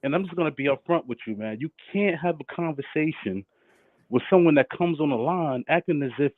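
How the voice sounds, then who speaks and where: A male caller chimes in on a tinny, dry phone line. He rambles in a relaxed way, full of fillers. His pitch moves lively up and down. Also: a little fast, dry recording. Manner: laid-back, rambling, with frequent fillers. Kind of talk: casual call-in chat.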